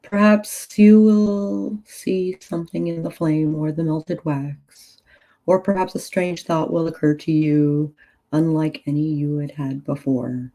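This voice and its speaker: A groggy woman leading a ritual on a casual livestream, reading prayers aloud in an unhurried way with loose asides. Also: low-pitched, fairly even intonation, mellow, rough recording. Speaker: ritual leader and tarot reader.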